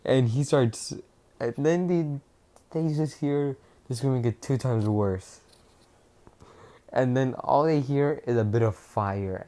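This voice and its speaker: A young man casually retelling a fan-fiction story, rambling and rushed, with restarts and swearing. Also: medium pitch, mellow.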